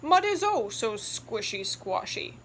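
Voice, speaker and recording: A woman's voice: a little high, big pitch swings, slow pace, a bit bright, a little hiss or hum, exaggerated voice. A woman voicing a father pig in a picture book, in a mock-gloomy manner. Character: grumbling father pig, adult male.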